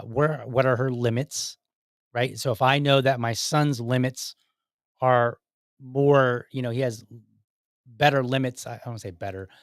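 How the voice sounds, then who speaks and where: A man hosts his own show in a loose live-stream chat, rambling and circling back with fillers and restarts. His voice sits at a middle pitch. The recording is dry and close, with no room sound. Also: fairly bright tone, dry recording. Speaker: podcast host. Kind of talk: casual live-stream talk.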